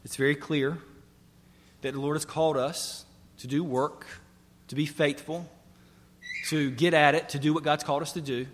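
A man preaching a sermon to his congregation, earnest and emphatic, building through repeated phrases. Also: fairly high pitch. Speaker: pastor. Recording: long hall reverb.

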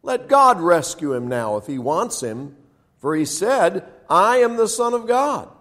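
A man's voice: sits high, sing-song, a little slow, fairly bright tone, pitched above the performer's own voice, heavily acted. A man reading scripture aloud, voicing a jeering group of male religious leaders with a raised, scornful, mocking tone.

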